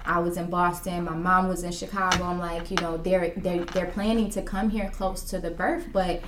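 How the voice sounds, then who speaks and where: A woman's voice: lowish voice, level tone, moderate pace, over music. A woman working as a doula, telling her story in an earnest, reflective way with many fillers. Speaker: doula, guest. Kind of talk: personal storytelling in an interview. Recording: roomy, from a distance.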